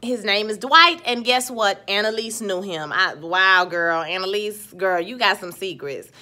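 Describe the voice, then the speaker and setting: A woman hosting a casual TV show recap, animated and chatty, talking straight to her viewers. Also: medium pitch, a little slow. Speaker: TV recap host.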